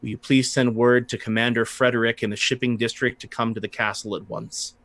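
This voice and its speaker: A man voicing a stoic, grieving middle-aged noble lord in a tabletop game, speaking quietly and haltingly. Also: medium pitch, little pitch movement, dry recording, close to an everyday voice. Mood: subdued.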